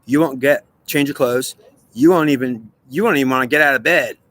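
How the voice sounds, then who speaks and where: A man's voice: mid-range voice, fairly quick, a bit bright. A man talking alone to the camera, playing both sides of an earnest, repetitive argument with himself. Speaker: vlogger. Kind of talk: solo monologue, arguing with himself in two voices.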